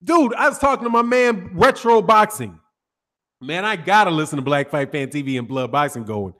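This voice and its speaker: A man's voice: sits high, lively intonation, moderate pace, a bit bright. A man from the North Side of Chicago with a Chicago accent, hosting a boxing channel live stream, talking loosely in slang and greeting chat viewers by name.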